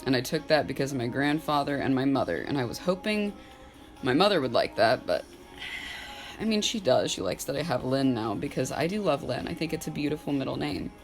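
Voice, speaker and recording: A woman's voice: rumbling low, animated, brisk, faint music behind. Candid young woman vlogging. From Southern United States. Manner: casual, candid, filler-heavy, with frequent "like"; openly emotional at times. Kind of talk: personal vlog, talking to camera.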